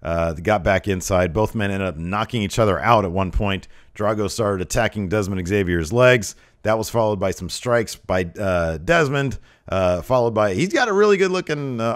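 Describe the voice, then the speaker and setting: Man, lowish voice, casual wrestling recap, rambling, filler-heavy. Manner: rambling, lots of ums and asides; mimics wrestlers in raised voices when quoting. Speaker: podcast host reviewing wrestling.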